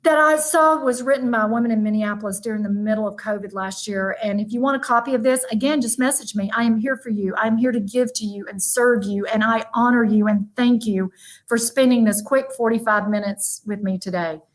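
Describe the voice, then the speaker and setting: A woman giving a lively, emphatic motivational keynote, talking straight to her audience. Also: a little high, fairly quick. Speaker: motivational speaker. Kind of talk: virtual keynote talk.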